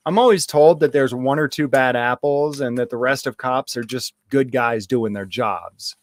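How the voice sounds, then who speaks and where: A man's voice: medium pitch, moderate pace, dry recording. A man giving sarcastic, critical voice-over commentary on video footage.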